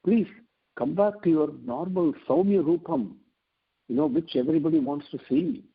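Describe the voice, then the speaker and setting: A devout, fearless little boy pleads earnestly, as a man puts him on while retelling a scripture story. The voice is husky and pitched a little higher than usual. It is heard over a thin, tinny telephone line. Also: normal speed. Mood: pleading.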